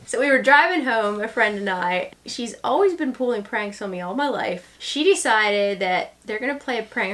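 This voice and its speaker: A young woman casually telling how she met her husband, animated and laughing often. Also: medium pitch. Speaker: vlogger telling their love story.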